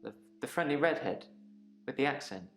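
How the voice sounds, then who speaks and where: An actor playing a subdued, regretful patient in a video game, with acted dialogue. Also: male voice, medium pitch, expressive, normal speed, vocal fry, a bit bright, echoey room, faint music behind.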